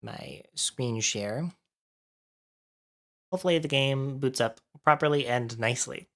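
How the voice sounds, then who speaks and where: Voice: medium pitch, unhurried, fairly bright tone. A livestreamer chatting casually with viewers while setting up, a bit out of breath from allergies and thinking aloud.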